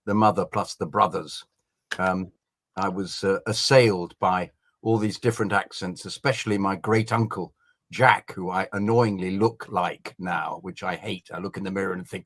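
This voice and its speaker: A man's voice: sits low, fairly even intonation, normal speed, fairly bright tone, no echo, studio quality. A man co-hosting a fan podcast, telling wry anecdotes in a casual, storytelling way. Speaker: podcast co-host. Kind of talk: casual chat.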